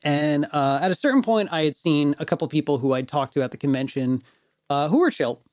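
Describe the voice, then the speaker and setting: A man's voice: a little high, a little fast, darkish tone, dry recording, studio quality. A man co-hosting a podcast, telling a story in casual chat, swearing, laughing and acting out other people's lines. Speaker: podcast co-host.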